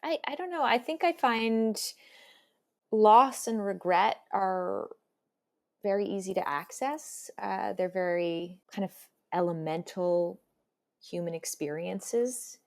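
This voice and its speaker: A woman's voice: mid-range voice, takes it slowly. A woman speaking as a voice actor guest in an interview, reflective and given to laughing. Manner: warm, reflective, laughs often. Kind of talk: conversational interview.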